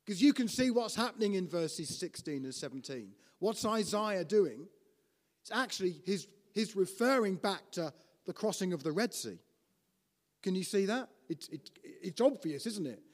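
A man preaching a teaching sermon in an animated way, often restarting and putting questions to his listeners. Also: high voice, moderate pace, in a large hall.

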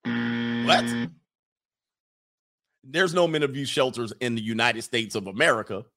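A man's voice: medium pitch, a little slow, fairly bright tone. A man hosting a casual livestream, reading chat comments and giving emphatic opinions, often repeating phrases for effect.

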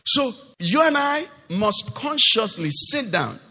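A man's voice: extremely high pitch, sing-song, takes it slowly, pushed and bright, long reverb tail. A male pastor preaching a sermon, quizzing the congregation with rhetorical questions.

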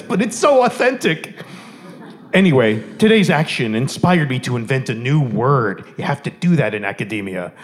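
A man's voice: mid-range voice, lightly acted. A man playing a flustered professor behind the wheel. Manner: self-deprecating, anxious, talks to his device. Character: flustered male professor driving. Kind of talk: comic stage dialogue.

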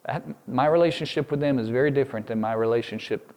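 An earnest pastor in the middle of a sermon, a man at an ordinary middle pitch who talks straight to his congregation. He restarts phrases by repeating a word and pushes harder on the key points. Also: fast, a little mellow.

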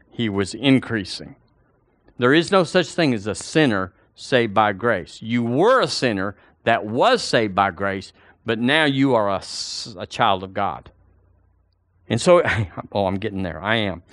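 A man preaching a sermon in an emphatic, animated way, with loud and soft swings. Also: medium pitch, no echo, clean studio sound.

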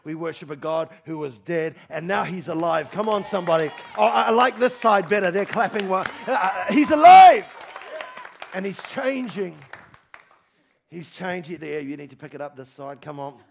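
A male pastor preaching a sermon to a congregation, repeating phrases with emphasis, swinging from loud calls to low, quiet lines. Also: moderate pace, gravelly, a faint crowd, slight background noise. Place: church hall with congregation.

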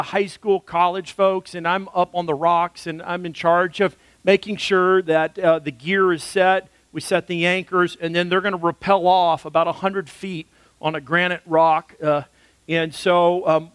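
A man's voice: high-pitched, fairly even intonation, moderate pace, a bit bright, clean tone, dry recording. A male pastor giving a storytelling sermon in a conversational way, with frequent fillers.

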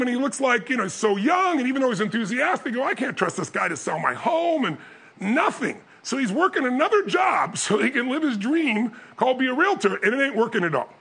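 A man telling a story as a motivational speaker, acting out the other people's voices and building up to loud peaks. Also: very high-pitched, creaky, breathy edge. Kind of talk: storytelling talk.

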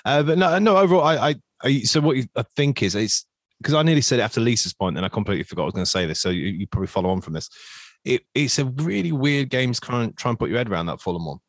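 Guy hosting a footy podcast, rattles on quick, lowish voice, dry close sound. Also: lively intonation, dry recording. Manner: chatty, rambling, quick asides. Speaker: podcast host. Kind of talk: casual chat.

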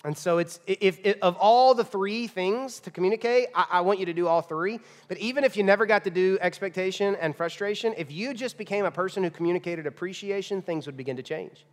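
Man, pastor, bright high-ish voice, relaxed church-hall preaching with long reverb. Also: fairly quick, hardly any pauses. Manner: conversational, acts out everyday dialogue. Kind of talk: sermon. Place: church auditorium.

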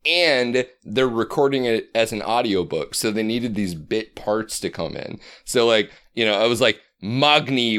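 A man's voice: lowish voice, fairly bright tone, smooth. Rambling, profane man in his thirties. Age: 30s. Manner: profane, rambling, drops into put-on announcer voice. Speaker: podcast co-host. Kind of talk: casual chat.

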